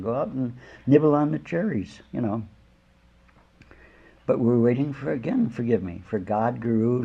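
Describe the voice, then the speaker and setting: A man's voice: mid-range voice, vocal fry, dark tone, slightly rough. An older man, a spiritual teacher, giving an informal sermon with stories, rambling and chuckling through conversational asides. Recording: dull lo-fi lecture recording.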